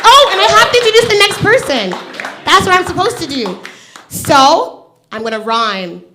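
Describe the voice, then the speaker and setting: A woman's voice: very high-pitched, big pitch swings, moderate pace, noisy background. A woman doing a blunt, self-mocking stand-up set at an open mic, speaking into a stage microphone. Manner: blunt, self-mocking, quotes people in voices. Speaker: stand-up comedian. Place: comedy open mic venue.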